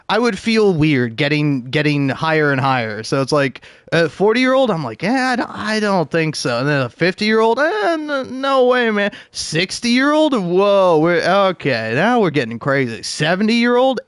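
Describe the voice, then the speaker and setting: A man's voice: a little high, no room sound, clean studio sound. A man in his twenties rambling in casual commentary over gameplay, stammering and chuckling often. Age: 20s. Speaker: gaming commentator.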